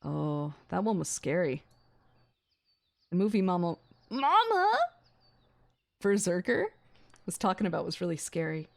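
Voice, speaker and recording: A young adult woman streamer reading a visual novel aloud on a gaming stream, excitable and swearing between gasps and laughs. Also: on the low side, normal speed, vocal fry, pauses often.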